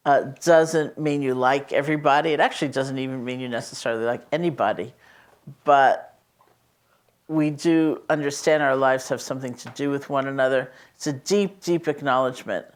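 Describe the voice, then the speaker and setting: A woman meditation teacher speaking in a conversational, storytelling way, gently emphatic as she teaches about loving kindness. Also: very deep voice. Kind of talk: reflective teaching talk.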